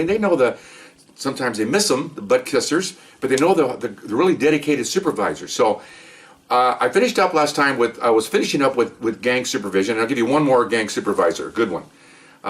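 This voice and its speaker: A man's voice: lowish voice, a bit bright, far from the mic. An older man, a retired police officer, tells rambling stories in a casual monologue, often repeating words and asking "okay?".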